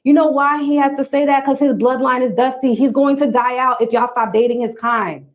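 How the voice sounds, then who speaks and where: A woman's voice: high-pitched, steady tone, a little fast. A woman hosting a livestream, giving dating advice in a casual, emphatic, preachy way and talking straight to her viewers.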